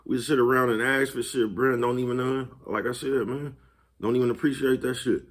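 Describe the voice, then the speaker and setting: A man's voice: medium pitch, steady tone, fairly quick. A man hosting his own vlog, talking casually and profanely, chuckling often and repeatedly asking whether you follow him. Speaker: vlog host. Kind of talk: casual motivational monologue.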